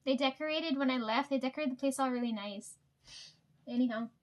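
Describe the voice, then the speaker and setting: A woman's voice: high-pitched, a little fast. A young woman telling rambling, profane work stories to the camera and laughing often. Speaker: vlogger. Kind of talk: casual storytelling.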